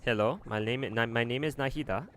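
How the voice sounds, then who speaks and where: A man's voice: mid-range voice, fast, a bit bright, slight background noise, lightly acted. A man voicing a polite young girl greeting a customer, in a mock Indian accent.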